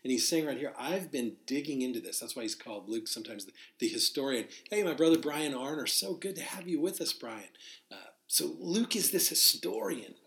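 A man's voice: on the high side, animated, fairly quick, gravelly, fairly bright tone, roomy sound. Man teaching Scripture, conversational and earnest. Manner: conversational, restarts and fillers, spells out Greek words. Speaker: pastor. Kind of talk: verse-by-verse Bible teaching. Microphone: live broadcast to listeners.

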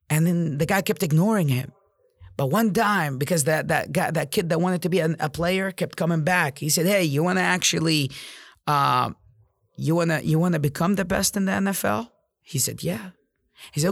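A man's voice: on the high side, normal speed, gravelly, breathy edge, no echo, clean studio sound. A man in real estate giving an intense, profane motivational monologue, repeating himself for emphasis.

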